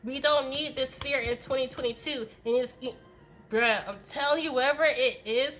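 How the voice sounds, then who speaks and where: Speaking at a moderate pace in a high, fairly bright voice, a young tarot reader gives an emphatic, swear-heavy pep talk to camera. Her casual tough-love reading is peppered with "okay?" tags, and faint music plays behind her.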